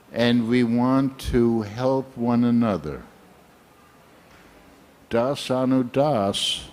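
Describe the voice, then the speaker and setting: A man in his seventies from the United States, giving a slow, earnest and heartfelt sermon full of personal anecdotes. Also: medium pitch, mellow. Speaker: guest speaker at a temple program.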